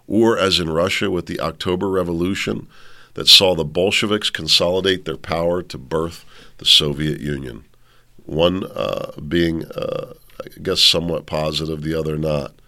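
A podcast host with a low-pitched, bright and forceful voice delivers a political commentary monologue. He reads an article aloud and riffs on it in a rambling way.

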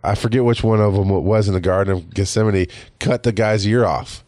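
Profane heated podcast host, low voice. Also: male voice, steady tone, brisk, darkish tone, dry recording, studio quality. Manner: profane, heated storytelling, acts out others' voices. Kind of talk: casual monologue.

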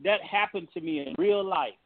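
A man, a pastor, telling a personal story on a call-in talk show in an animated, folksy way. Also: high-pitched, moderate pace, no room sound. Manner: animated, folksy storytelling with Southern turns of phrase. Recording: tinny phone-line audio, dry.

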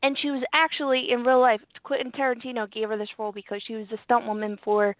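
A woman from Philadelphia co-hosting a show in casual chat, animated and quick to laugh. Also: on the high side, dry recording. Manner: animated, laughs often, chatty. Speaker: co-host. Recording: tinny phone-like line, dry.

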